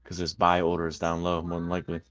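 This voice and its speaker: A man hosting a live trading stream, talking through charts with excited, cussing commentary. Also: low voice, fast talker, a little hiss or hum. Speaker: livestream host trading. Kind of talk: casual livestream chat.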